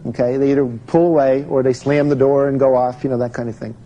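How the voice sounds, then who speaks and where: A man's voice: mid-range voice, little pitch movement, quick pace, dark tone, lo-fi sound. A man giving a live self-help seminar, explaining step by step and putting questions to his audience.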